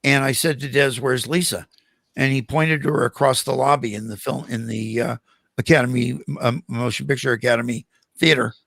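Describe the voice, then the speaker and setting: An older man, a guest on a podcast, telling animated stories in casual conversation and acting out the voices of the people in them. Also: medium pitch, moderate pace, creaky, no room sound. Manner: animated anecdotes with acted-out quotes. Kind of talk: casual storytelling interview.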